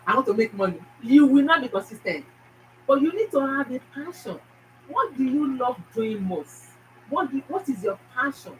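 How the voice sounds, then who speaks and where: A woman's voice: fairly high pitch, a bit bright. A woman, a food YouTuber, giving earnest casual advice and repeating her key points. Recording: distant mic with faint noise.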